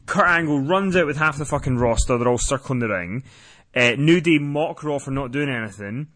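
A man hosting a casual wrestling podcast, running through the week's show in a quick, rambling way with fillers and casual swearing. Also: mid-range voice, lively intonation, a bit bright. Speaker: podcast host.

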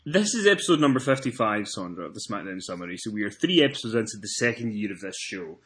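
A man's voice: on the low side, sing-song, quick pace, a bit bright. A man with a Scottish accent hosting a casual wrestling podcast, telling stories in a chatty way and acting out what people said. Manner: chatty storyteller, swears freely, acts out quotes. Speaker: podcast host.

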